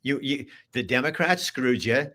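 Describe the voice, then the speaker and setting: A man's voice: medium pitch, unhurried, sharp tone. A man hosting a political talk show, speaking emphatically with many restarts and a preachy, exhorting manner. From Oregon. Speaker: host. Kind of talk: political talk show, reading viewer comments.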